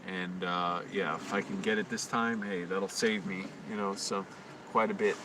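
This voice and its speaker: A man rambling through a late-night livestream monologue, talking quietly and anxiously to himself with frequent restarts. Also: low voice, fairly even intonation, normal speed. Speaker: live streamer. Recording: distant mic with constant hum.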